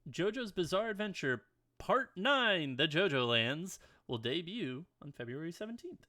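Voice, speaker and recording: A man's voice: fairly high pitch, very animated, normal speed, sharp tone. A man co-hosting a casual podcast, reading anime news headlines from home and dropping blunt, swearing asides between items. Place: home, dog at his chair.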